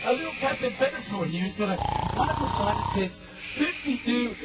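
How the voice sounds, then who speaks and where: A man's voice: very high voice, expressive, a little fast. A man entertaining children on stage at a live concert, playfully talking to the audience. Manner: playful, exclaiming to kids. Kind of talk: live show patter to audience. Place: concert auditorium. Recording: echoey live hall, distant, loud music.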